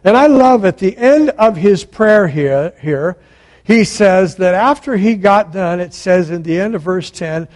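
Brief: male preacher on a church stage, slow and deliberate, voice on the higher side, storytelling with emphatic build-ups. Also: lively intonation, darkish tone. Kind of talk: sermon. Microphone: stage microphone.

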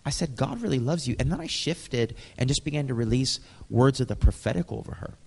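American male preacher, easygoing storyteller who chuckles a lot, mid-pitched, big reverberant hall. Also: a little fast, gravelly, a little mellow. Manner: conversational, chuckles often, acts out dialogue. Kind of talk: storytelling sermon.

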